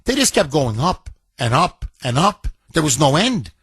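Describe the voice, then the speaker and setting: A man's voice: fairly high pitch, big pitch swings, normal speed, fairly bright tone, husky, no room sound. A man hosting a talk radio show, taking callers and giving emphatic commentary, stressing words by repeating them.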